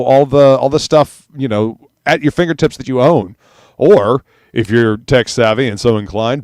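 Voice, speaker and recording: A man hosting a loose livestream hangout, talking in a rambling way full of fillers and frequent swearing. His voice is smooth and resonant at a middle pitch. The recording is dry and close. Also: a little mellow, dry recording. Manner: profane, rambling with many fillers. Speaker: host. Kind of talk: casual livestream chat.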